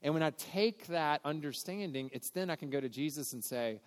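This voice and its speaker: Guy giving a sermon, kinda high voice for a man, talks earnest and casual, big echoey church hall. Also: brisk. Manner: earnest and conversational, with restarts and quoted voices. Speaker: pastor.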